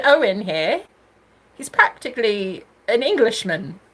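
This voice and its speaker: Reading viewer comments on a casual livestream, an American woman host comes across bubbly, giggly and teasing, with lively pitch. She speaks a little slowly and swings from loud squeals to murmurs.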